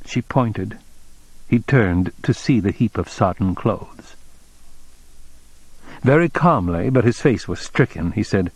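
A male audiobook narrator with a lowish voice, reading slowly and deliberately. The sound is close and dry, with no room around it. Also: lively intonation, darkish tone, no echo. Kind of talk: scripted narration.

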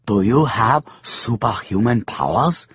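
A leathery, toothless old crone who asks blunt questions with no shame, as a male narrator lightly puts her on. The voice is slightly husky, with a dry, dull audiobook sound. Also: medium pitch, lively intonation, measured pace, fairly bright tone, no echo, heavily acted. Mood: brazen.

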